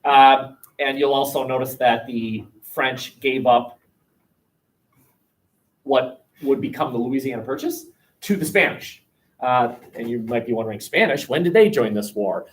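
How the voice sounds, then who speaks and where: A male history teacher giving a classroom lecture, animated and jokey, with many restarts and fillers. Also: medium pitch, far from the mic, poor audio.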